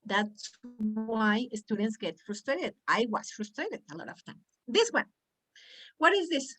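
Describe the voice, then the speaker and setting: A woman's voice: fairly high pitch, sing-song, unhurried, fairly bright tone, husky, faint music behind. A woman whose first language is Spanish, teaching English pronunciation in an online class and exaggerating sounds to demonstrate them.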